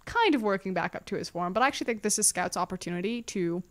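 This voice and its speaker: A woman co-hosting a podcast in casual chat, lively and opinionated, with quick jokes. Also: medium pitch. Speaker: esports podcast co-host.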